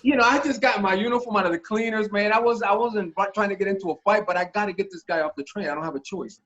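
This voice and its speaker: A man guest on a podcast telling stories in a casual, animated, profane way, acting out the voices of the people in them. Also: high-pitched, quick pace. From Miami. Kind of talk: casual storytelling interview. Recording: dull lo-fi podcast audio.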